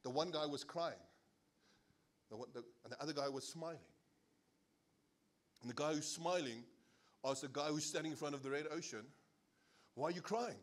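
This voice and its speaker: A man's voice: on the high side, normal speed, pauses often. A male pastor with a South African English accent preaching a sermon, telling stories with acted-out voices. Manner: animated storyteller acting out voices. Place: church service.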